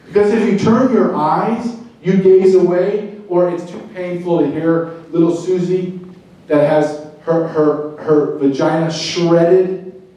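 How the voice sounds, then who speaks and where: A man's voice: high voice, slow. Middle-aged guy preaching hard at a club, big echoey hall sound, mic far off. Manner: fervent, preaching, swings loud and quiet. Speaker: retired border agent giving a speech. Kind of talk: impassioned speech to a club.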